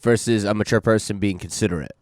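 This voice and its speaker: A man's voice: on the low side, fast talker, no echo. A young man co-hosting a podcast, casually steering the talk to the topic. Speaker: podcast co-host leading the topic. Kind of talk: casual chat.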